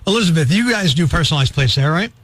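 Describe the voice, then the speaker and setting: High-voiced, exasperated radio host man. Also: fast talker, husky, no room sound. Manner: animated, exasperated ranting with sarcastic asides. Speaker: radio morning show host. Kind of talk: comedic radio talk and rant. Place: radio studio.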